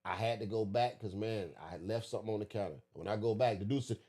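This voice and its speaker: A man, co-hosting a casual podcast chat, swearing freely and telling animated stories. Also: fairly low pitch, fast talker, hardly any pauses. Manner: storytelling, profane, animated. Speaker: podcast co-host.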